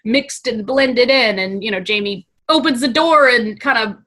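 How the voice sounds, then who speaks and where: A woman in her thirties chats easily as an interview guest. Her voice sits a little high, and her talk is loose, full of "you know" and quick laughs. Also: pushed and bright. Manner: chatty, laughs often, lots of "you know". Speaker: guest, VFX artist. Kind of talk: casual interview chat.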